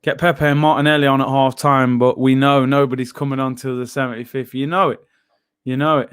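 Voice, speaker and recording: A man's voice: mid-range voice, little pitch movement, fairly quick, a bit bright, clean tone, no room sound, clean studio sound. A man hosting a live football watchalong, chatting casually in slang and reading out chat messages.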